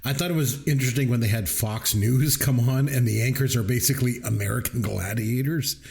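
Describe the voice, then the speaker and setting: A man's voice: mid-range voice, a little fast, gravelly. A middle-aged man co-hosting a podcast, chatting casually about a movie and acting out quotes in different voices. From Canada. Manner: animated storytelling, quotes people in voices. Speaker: podcast co-host. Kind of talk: casual movie-review chat.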